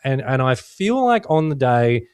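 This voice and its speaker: A man's voice: medium pitch, sing-song, measured pace, clear, resonant tone, no room sound, clean studio sound. A young man co-hosting a podcast, chatting casually with lots of laughter and swearing. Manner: laughs a lot, swears freely, jokey storytelling. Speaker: podcast co-host. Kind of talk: casual chat.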